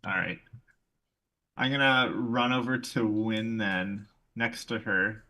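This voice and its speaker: Slow-talking bright-voiced man player. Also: fairly low pitch, fairly even intonation. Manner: slow, vivid describing of his character's actions. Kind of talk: tabletop role-play.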